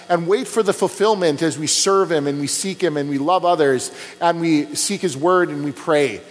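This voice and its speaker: A man preaching a sermon as a pastor in a church, speaking conversationally with many fillers. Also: fairly high pitch. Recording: long reverb with mains hum.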